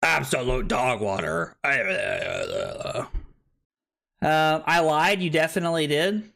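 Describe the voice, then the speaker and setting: A man's voice: fairly high pitch, sing-song, slow pace, vocal fry, a bit bright. A man streaming a card game tournament, tipsy, swearing and laughing as he banters casually with chat. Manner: rowdy, swearing, laughing between lines. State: tipsy from drinking.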